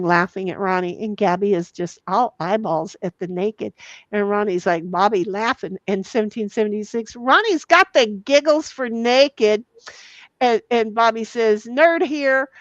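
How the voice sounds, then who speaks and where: A woman's voice: mid-range voice, no room sound, highs cut off. A woman hosting a casual livestream, reading viewer comments aloud in a salty, giggly way and swearing freely. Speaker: livestream host.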